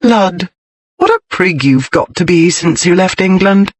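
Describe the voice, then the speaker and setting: A poised young lady with a dry, teasing wit, as a male reader puts her on, voiced noticeably higher than his own tone. Her lines move lively and a little husky, close and dry for a storybook reading. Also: a little slow, no room sound. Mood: cool teasing. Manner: crisp, poised, dryly teasing. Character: composed, witty young lady, cool and teasing.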